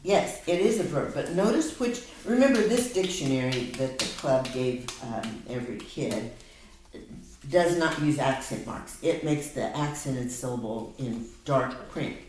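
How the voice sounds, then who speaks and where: A woman tutoring a child one-on-one in a reading lesson, patient and coaxing, slowing down to model words. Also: very deep voice, animated, a little mellow, a little hiss or hum. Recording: echoey room, mic at a distance.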